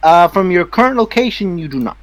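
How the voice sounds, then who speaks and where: A man running a tabletop game as game master, narrating in an animated, laughing way. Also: high voice, fairly quick, dry recording.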